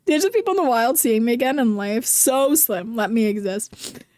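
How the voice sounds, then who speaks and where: A woman's voice: on the high side, lively intonation, a little slow, long pauses, darkish tone, dry recording, clean studio sound. A young woman from New Jersey with a Jersey accent, chatting casually as a streamer, rambling, giggly and self-deprecating. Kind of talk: casual chat while gaming, reading chat.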